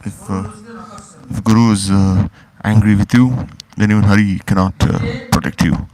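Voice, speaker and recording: Deep, flat-voiced man preaching. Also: normal speed, low-quality recording. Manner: questioning, repeats rhetorical questions. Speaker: spiritual teacher. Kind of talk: devotional discourse.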